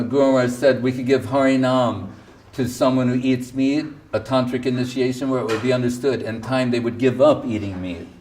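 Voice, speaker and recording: A man's voice: medium pitch, a little mellow, distant mic, slight background noise. A man giving a spiritual talk in a conversational storytelling manner, full of rhetorical questions and acted-out quotes. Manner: acts out quoted speech. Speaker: spiritual teacher. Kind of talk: storytelling lecture.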